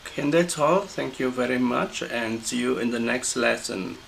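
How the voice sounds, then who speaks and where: A man with a heavily gravelly, creaky voice walks through a pronunciation lesson. He pauses and restarts often as he looks for the right word, and there is a faint hiss under his speech. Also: medium pitch, low-quality recording. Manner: halting, stops often to find the word. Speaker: English pronunciation teacher. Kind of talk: recorded lesson explanation.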